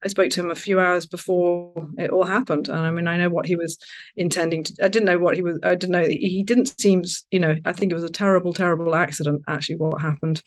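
A woman, an interview guest telling stories in a halting, rambling way with many restarts. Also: fairly low pitch, steady tone. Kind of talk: casual conversational interview.

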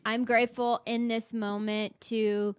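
A woman's voice: a little high, flat delivery, a little slow, smooth, no echo. A young woman co-hosting a casual podcast, upbeat and laughing often. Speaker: podcast co-host. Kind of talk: casual chat.

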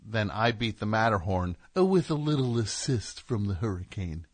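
A man's voice: fairly low pitch, very animated, normal speed, no echo. A man from New Jersey hosting a call-in radio talk show, riffing in a sarcastic, ranting comic way.

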